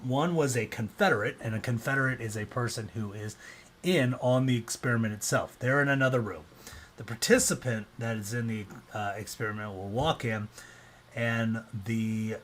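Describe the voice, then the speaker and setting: A man's voice: mid-range voice, a bit bright, a little hiss or hum. A man presenting a casual explanatory talk, loose and conversational, often acting out quoted reactions.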